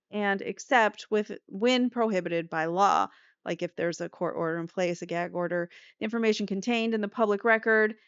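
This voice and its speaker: Woman reading court papers out loud, smooth clear voice, dry close mic, tosses in blunt little asides. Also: medium pitch, dry recording, dull audio. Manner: reads dryly then adds blunt offhand asides. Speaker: host reading court documents. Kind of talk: reading legal filings aloud with casual commentary.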